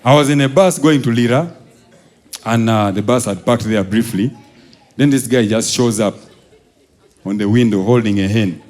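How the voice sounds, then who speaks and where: A young Ugandan man performing a stand-up comedy set, telling animated stories and acting out the people in them. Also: mid-range voice, moderate pace, long pauses. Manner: animated storytelling, acting out characters, laughing.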